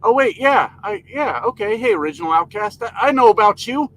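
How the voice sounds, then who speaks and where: Bright high-voiced man chatting on a stream. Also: expressive, brisk, poor audio. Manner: laid-back, joking, greets viewers by name. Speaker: trucker live streamer. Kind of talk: casual live stream chat reading comments. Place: inside a parked truck cab.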